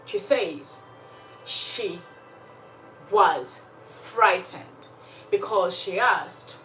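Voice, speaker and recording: A woman telling a story in a casual, animated way, with emphatic asides and religious commentary. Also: medium pitch, drawn-out words, soft background music. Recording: echoey room, slightly far from mic, faint background noise.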